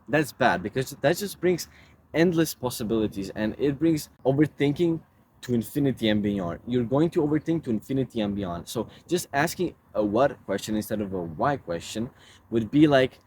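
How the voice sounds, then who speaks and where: A man's voice: mid-range voice, lively intonation, normal speed, a little mellow, slight background noise. Laid-back man giving casual advice. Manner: laid-back, calls the listener bro. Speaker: self-help vlogger.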